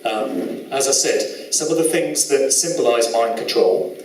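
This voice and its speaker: A man from the UK giving an earnest, emphatic presentation with slides, slowing down to stress key words. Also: medium pitch, a little mellow. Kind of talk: lecture with slides. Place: event hall with audience. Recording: echoey hall, mic at a distance.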